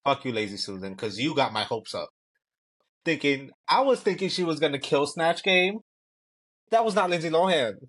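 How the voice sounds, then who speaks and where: A man's voice: fairly high pitch, animated, moderate pace, fairly bright tone. A man co-hosting a podcast, giving blunt, shady opinions and swearing freely. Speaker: podcast co-host. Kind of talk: casual chat recapping a reality show.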